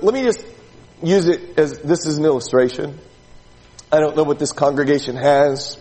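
A man with a high voice preaches a sermon, speaking conversationally to his congregation and asking question after question. His words ring out with a long reverb, as in a large church sanctuary. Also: mellow. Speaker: pastor.

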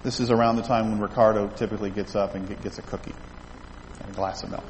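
In a church sanctuary, a male pastor with a lowish, fairly flat voice preaches an expository sermon at a fast clip. His delivery is conversational, with restarts and asides to the congregation. The hall is echoey, with faint ambience and slight background noise.

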